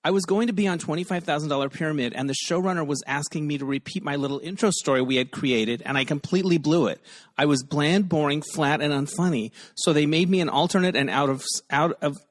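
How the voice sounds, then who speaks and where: A man hosting a podcast game over a video call, upbeat and quick with puns, laughing often. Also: a little high. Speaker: podcast host.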